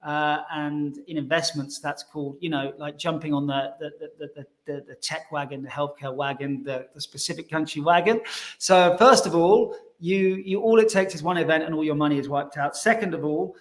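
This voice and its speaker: A man from South Africa with a fairly high voice talks as a podcast guest. He explains financial ideas in loose, casual chat, often repeating a word as he restarts and chuckling along the way. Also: fairly even intonation, normal speed.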